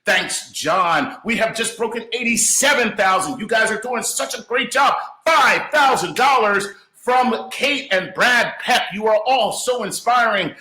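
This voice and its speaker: A man's voice: high voice, unhurried, hardly any pauses, pushed and bright, reverberant. A man hosting a live charity gala stream, reading out donations and cheering viewers on. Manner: upbeat, reads donor messages, cheers on viewers.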